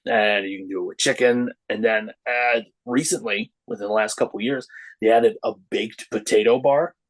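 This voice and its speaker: A man's voice: moderate pace, poor audio. A middle-aged man, a wrestler guesting on a podcast, chatting casually and acting out the voices in his stories. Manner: storytelling, acts out quoted voices with lively pitch jumps. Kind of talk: casual chat.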